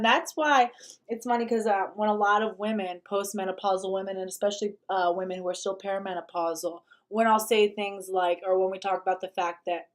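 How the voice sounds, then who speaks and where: A woman hosting a talk show, reacting to a video clip in blunt, emphatic, profane commentary. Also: medium pitch. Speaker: host.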